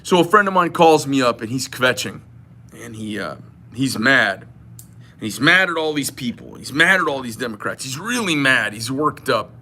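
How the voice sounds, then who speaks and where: Bright-voiced man in an impassioned rant. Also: mid-range voice, expressive, moderate pace, a little hiss or hum. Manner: impassioned, ranting, retelling a phone call. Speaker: knife shop owner. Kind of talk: political rant to camera.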